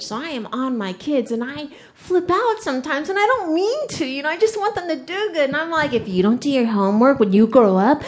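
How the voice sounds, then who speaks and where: A woman performing a stand-up comedy set, talking animatedly and acting out quotes loudly. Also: sits high. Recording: live club set with audience laughter. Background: audience laughing.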